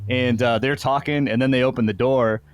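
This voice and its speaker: A man's voice: mid-range voice, steady tone, fairly quick, clear, resonant tone, no echo. A man telling a long anecdote in casual podcast chat. He rambles, leans on "like" a lot, and slips into different voices for the people in his story.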